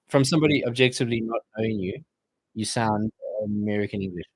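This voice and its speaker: A man's voice: fairly low pitch, fast talker, slightly rough. A man hosting a casual live-stream Q&A, reading viewer comments aloud and bantering about them.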